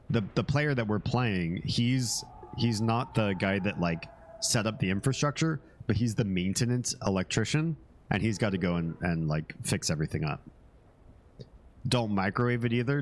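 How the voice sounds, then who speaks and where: A man's voice: on the low side, a little hiss or hum. A man from Finland and the United States chatting casually while streaming a game, rambling, joking and swearing. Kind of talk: casual gameplay stream chat.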